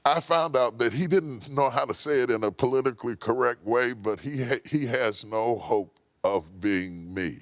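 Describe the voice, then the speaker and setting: A man's voice: medium pitch, moderate pace, hardly any pauses, no echo. A man who is a bishop, telling a personal story in an emphatic, preacherly way during a TV studio interview.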